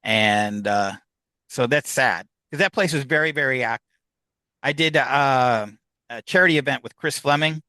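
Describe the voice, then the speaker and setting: A man tells of his ghost hunts in an easy conversational way, his tone bright and ringing. The sound is close and dry, with no room around it. He acts out the lines of the people in his stories. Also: mid-range voice, moderate pace, no room sound, low-quality recording. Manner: animated anecdotes, acts out quoted dialogue. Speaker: guest, paranormal investigator. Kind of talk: casual storytelling interview.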